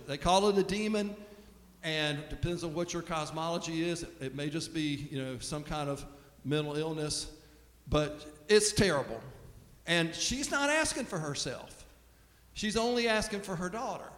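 A man preaching a sermon in a relaxed, storytelling way, often restarting his sentences, recorded in a church sanctuary. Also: high-pitched. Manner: conversational storytelling, with frequent restarts. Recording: echoey hall with long reverb.

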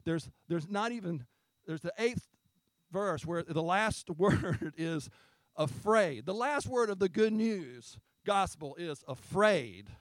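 A man's voice: sits high, expressive, takes it slowly. A man preaching a conversational Easter sermon as a pastor, retelling scripture in a folksy, chatty way.

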